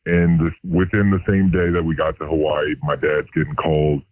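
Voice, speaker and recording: Man on a deep voice-changed phone line. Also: flat delivery, normal speed. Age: 40s. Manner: rambling, sheepish storytelling. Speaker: anonymous caller. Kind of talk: confessional call-in story.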